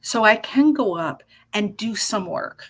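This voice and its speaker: Playful, lively woman in her fifties. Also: mid-range voice, a little slow. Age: 50s. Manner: lively, playful, restarts often, acts out little scenes. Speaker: guest, life coach. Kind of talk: casual interview chat.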